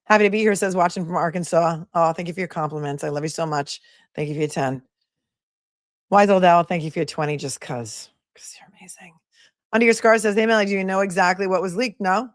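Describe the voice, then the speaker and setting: A woman's voice: fairly low pitch, no room sound, clean studio sound. A woman attorney hosting a casual livestream, reading viewer messages aloud and thanking them in a chatty, affectionate way.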